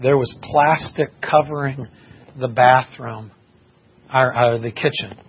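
A man's voice: mid-range voice, steady tone, takes it slowly, breathy edge. A man preaching a sermon and telling a personal testimony in an earnest, impassioned way. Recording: muffled recording with faint background noise.

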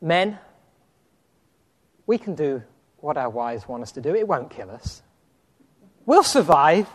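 A man's voice: fairly high pitch, very animated, slow pace. A man with an English accent preaching a sermon, telling personal stories and acting out the dialogue with frequent chuckles. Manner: storytelling, chuckles often, acts out dialogue. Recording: long hall reverb.

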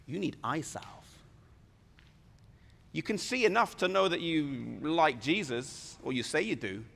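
A man preaching a sermon in an animated way, acting out scripture with voices. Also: fairly high pitch, a little slow, vocal fry. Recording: reverberant hall.

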